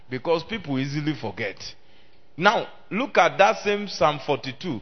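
Male preacher, fairly high voice, declaims loudly and then drops low, draws call-and-response from the congregation, muffled lo-fi recording. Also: very animated, a little slow. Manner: emphatic, swings between loud declaiming and low talk. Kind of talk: sermon. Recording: dull lo-fi sermon recording.

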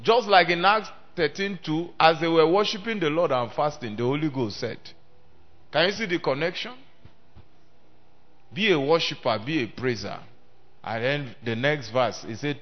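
Emphatic male preacher, muffled recording. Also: moderate pace. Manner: emphatic, swings between loud declaiming and low talk; calls on the congregation to respond. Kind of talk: sermon. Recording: dull lo-fi sermon recording.

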